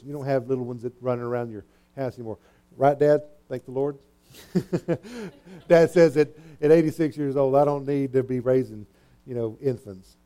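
A man's voice: mid-range voice, dark tone. A middle-aged male pastor preaching a sermon, earnest and emphatic, repeating his points.

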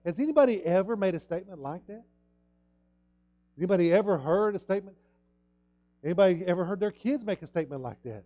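A man preaching a sermon in an emphatic way, repeating words and jumping up loud at key points. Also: high-pitched, animated, fast talker, pauses often, lo-fi sound. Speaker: pastor.

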